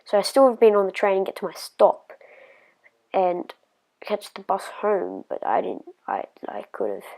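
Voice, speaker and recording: A woman's voice: medium pitch, very animated, moderate pace, dark tone, low-quality recording. A woman telling a personal story in a casual vlog, rambling and hesitant with lots of fillers, sometimes dropping to a whisper.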